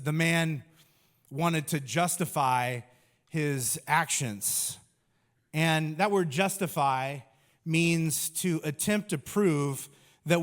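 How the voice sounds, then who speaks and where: A man's voice: a little high, a bit bright. A middle-aged man preaching a conversational sermon as a pastor, casual and joking, with many fillers.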